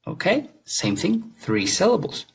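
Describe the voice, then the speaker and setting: A man's voice: sits high, wildly swooping pitch, unhurried, husky, low-quality recording. A man teaching an English grammar lesson, explaining patiently and checking understanding with questions.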